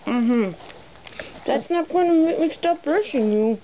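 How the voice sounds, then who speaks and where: A woman's voice: very high-pitched, very animated, measured pace. A woman coaxing her dog in a sing-song voice while grooming it, filmed on a home camera. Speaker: pet owner. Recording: dull home video with faint noise.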